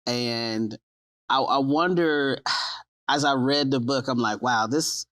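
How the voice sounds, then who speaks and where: A man's voice: medium pitch, takes it slowly, a bit bright. A man hosting a faith-based talk show, affirming his guest and speaking directly to the viewers. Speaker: host.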